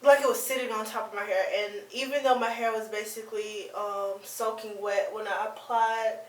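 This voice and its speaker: A woman's voice: fairly high pitch, level tone, moderate pace, recorded from a distance. Chatty woman reviewing, roomy and off-mic. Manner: chatty, rambling, with many fillers and restarts. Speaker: beauty vlogger. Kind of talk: casual product review.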